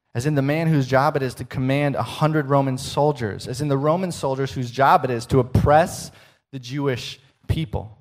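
A man preaching a sermon, slowing for emphasis and dropping to a hush at the ends of lines. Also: mid-range voice. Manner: expressive, slows for emphasis and drops to a hush at line ends.

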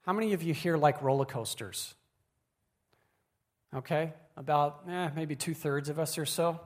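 A man's voice: fairly high pitch, moderate pace. A middle-aged man preaching a sermon to a congregation, emphatic and repeating his key phrases for weight. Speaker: pastor.

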